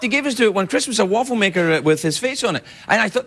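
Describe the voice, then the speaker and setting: Lively man doing a comic monologue. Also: high voice, fast, hardly any pauses. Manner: playful, lively, bursts into shouts and mock voices. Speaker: late-night talk show host. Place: TV studio with live audience. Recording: loud studio audience laughter and noise.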